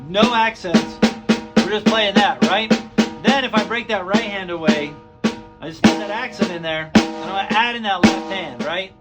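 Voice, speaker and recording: Man, high-pitched, casual drum lesson, fillers, loud drums behind. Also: normal speed, loud music behind the voice. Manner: relaxed, filler-heavy, counts strokes aloud while playing. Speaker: drum teacher. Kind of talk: casual instructional talk. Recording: speech over loud drumming. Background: loud drum kit playing.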